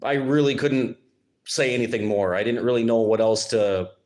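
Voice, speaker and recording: A man's voice: medium pitch, darkish tone. A man from Minnesota, hosting his channel in a rambling, sarcastic live-stream chat. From Minnesota, United States. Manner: rambling, halting, with many restarts and sarcastic asides. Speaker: YouTube channel host.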